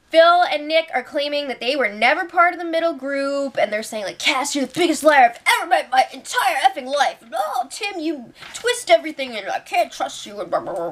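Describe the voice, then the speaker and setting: Young female recap host, high-pitched, lively storyteller voice. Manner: animated retelling with quoted voices and laughs. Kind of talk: casual spoiler recap.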